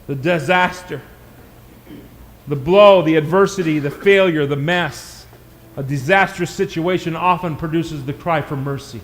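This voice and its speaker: A man preaching a sermon in a church, swinging from shouted climaxes to hushed, quick asides. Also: fairly high pitch, big-room sound, slight background noise. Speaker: pastor.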